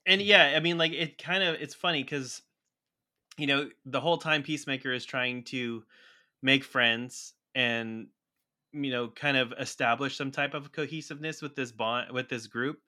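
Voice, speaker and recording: Male podcast co-host with a bright, forward tone; relaxed, with lots of fillers. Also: medium pitch, moderate pace. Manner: easygoing, with frequent "you know" fillers. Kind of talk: casual chat recapping a TV show.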